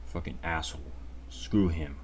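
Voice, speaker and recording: Slow, deep-voiced sarcastic man. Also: breathy edge. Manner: sarcastic mock rant, then blunt and profane. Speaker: channel host. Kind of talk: reaction commentary.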